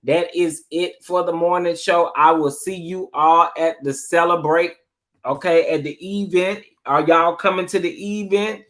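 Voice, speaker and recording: This livestream host is a man whose voice sits on the high side and moves a little slowly. Addressing the chat directly, he talks animatedly and tends to say things more than once.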